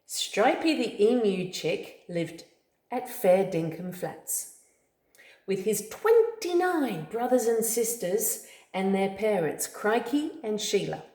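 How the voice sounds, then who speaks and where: Slow, lively woman reading aloud. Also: medium pitch. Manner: slow, lively storytelling with asides to the child. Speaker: storybook reader to a child. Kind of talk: reading a picture book aloud. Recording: echoey room.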